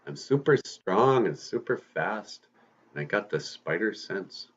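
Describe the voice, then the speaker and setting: A man voicing an eager, hot-tempered young male superhero, talking excitedly in a raised voice. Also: lowish voice, measured pace, husky, muffled recording, heavily acted.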